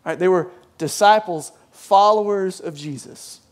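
High-voiced young man preaching casually. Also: a little slow. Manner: chatty, peppers talk with "right?" and "like". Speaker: pastor. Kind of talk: casual conversational sermon. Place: church sanctuary.

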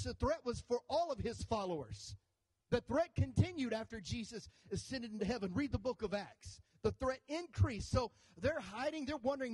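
Male pastor, sermon, joking storyteller, high voice, mellow warm tone. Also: normal speed, poor audio. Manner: animated storytelling with jokes and audience call-outs.

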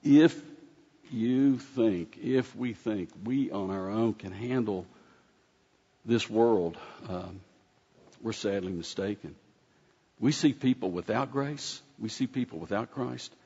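Low-voiced guy preaching, chatty and rambly, kinda muffled lo-fi sound in a big echoey church. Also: slow, mellow, breathy edge. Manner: folksy, rambling, frequent restarts. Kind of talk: conversational sermon. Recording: dull sound with long hall reverb.

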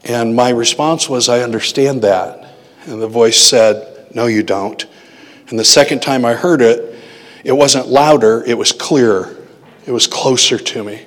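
A male preacher shares a testimony from the pulpit in a relaxed, conversational voice at a middle pitch. He slows down and leans on key words when he quotes. A long reverb from a big hall trails behind each phrase. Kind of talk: sermon testimony storytelling.

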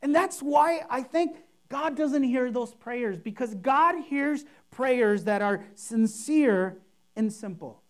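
A woman's voice: high voice, expressive, slow. A woman pastor preaching a sermon, emphatic and repetitive, acting out showy and simple prayers to make her point. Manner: emphatic, repeats key phrases, mimics overblown prayers.

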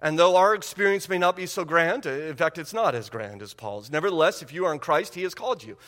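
A man delivers a sermon from the pulpit, driving home his points through repetition. His voice sits high and bright, and each phrase rings out into a long, reverberant hall. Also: expressive, brisk. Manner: emphatic preaching with rising intensity; repeats phrases for emphasis. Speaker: pastor.

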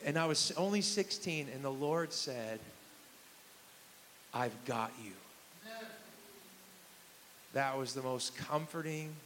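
A man's voice: on the high side, normal speed, hardly any pauses, background noise. A man in his thirties, a pastor preaching a sermon in a conversational, emphatic way, often asking the congregation questions. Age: 30s. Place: church hall with a live congregation.

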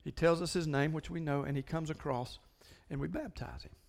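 High-voiced pastor preaching. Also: male voice, brisk, gravelly. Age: older than most listeners. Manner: animated, repeating words in bursts. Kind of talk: sermon.

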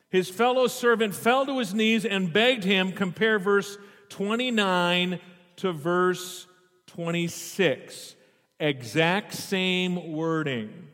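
This male pastor speaks slowly in a high, expressive, fairly bright voice. He reads from scripture, frequently stops to explain, and poses questions to his congregation, all in a hall with long reverb.

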